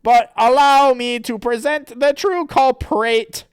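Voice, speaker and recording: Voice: mid-range voice, clear, resonant tone, no room sound, studio quality, pitched above the performer's own voice, natural voice. A streamer voicing a smug young villain who talks in a stiff, grandiose way. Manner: stiff and grandiose, slow, stumbling over words.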